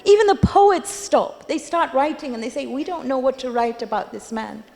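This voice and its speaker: A woman's voice: high-pitched, expressive, moderate pace, creaky, darkish tone. A woman giving a religious lecture at a gathering, telling stories emphatically and repeating key phrases for weight. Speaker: majlis speaker. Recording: long hall reverb.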